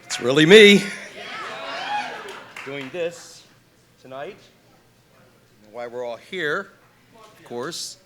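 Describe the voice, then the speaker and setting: A middle-aged man stands before a live audience and introduces the main guest with a long, meandering anecdote. His voice is bright and forward, and he stumbles through fillers and restarts. He pokes fun at himself as he goes. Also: on the high side, lively intonation, extremely slow, long pauses. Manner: rambling, self-deprecating storyteller with fillers and restarts.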